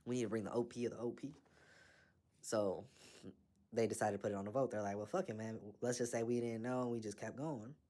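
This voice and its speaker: A man's voice: medium pitch, fairly even intonation, fairly quick, long pauses, mellow. A man recapping an anime episode in a casual, slangy, profane way, laughing and acting out the characters as he goes. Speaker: anime reviewer.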